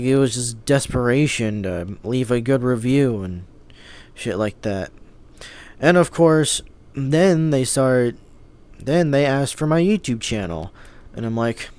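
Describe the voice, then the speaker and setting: A man recounts his story in a loose, rambling vlog, his voice sitting at an ordinary middle pitch. He sounds fed up, peppering his talk with swearing and restarting his sentences as he goes. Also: a little mellow, clean tone. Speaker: vlogger.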